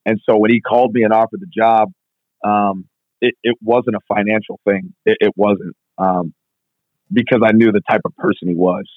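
A strength coach being interviewed, telling stories in a fast, casual way full of "like". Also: male voice, lowish voice, fairly even intonation, dry recording. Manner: fast, filler-heavy, constant "like". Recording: tinny phone-like line, dry.

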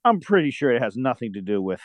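A man's voice: medium pitch, big pitch swings, fast talker, no echo. A man calling in to a talk show, rambling and stumbling over his words. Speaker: caller. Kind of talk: phone-in caller talk.

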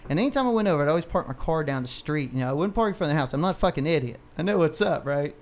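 Male podcast co-host, thirties, slightly high voice, loose profane storytelling, laughs a lot. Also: lively intonation, very fast. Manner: profane, rambling, laughs often. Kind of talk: casual storytelling.

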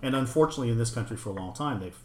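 A middle-aged man in a casual, frank discussion, swearing freely and talking with animated emphasis. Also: mid-range voice, very fast, reverberant, a little hiss or hum. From United States, parents from Oklahoma and Arkansas.

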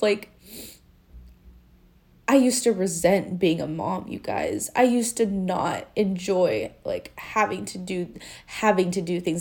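Mellow, low-voiced earnest woman podcaster. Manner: chatty, filler-heavy, earnest. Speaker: podcast host and life coach. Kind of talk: casual faith-based podcast talk.

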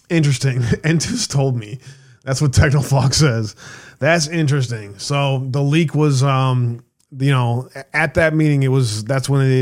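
A man with a medium-pitched voice hosts an online talk show, reading news stories aloud and adding sarcastic asides. He laughs and swears casually as he goes.

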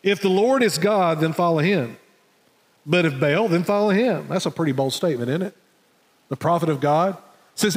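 A man preaching a sermon, telling a story with dramatic pauses and repeated words. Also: fairly high pitch, long reverb tail. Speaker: pastor. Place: church sanctuary.

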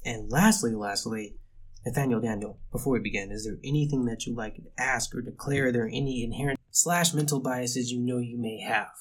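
A man's voice: mid-range voice, steady tone, brisk. A man hosting a casual podcast, chatty and joking, with rambling asides. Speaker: podcast host.

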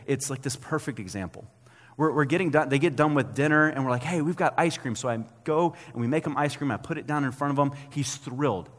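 Preaching with a medium-pitched voice, this thirty-something pastor keeps things conversational and performs quotations in a lively way. A long reverb tail trails his words.

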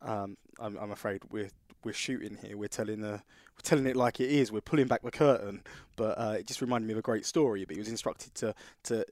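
A man's voice: on the low side, brisk, hardly any pauses, darkish tone, no room sound, studio quality. A man co-hosting a podcast, talking casually and telling rambling stories full of restarts. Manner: rambling storyteller, restarts sentences. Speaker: podcast co-host.

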